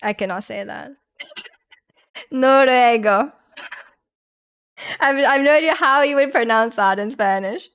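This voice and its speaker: Brief: young woman streamer, high bright pitch, chatty and giggly, loose casual delivery. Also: lively intonation, brisk, hardly any pauses, clean tone. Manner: chatty, giggly, many restarts and "like". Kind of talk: casual chat reading viewer comments.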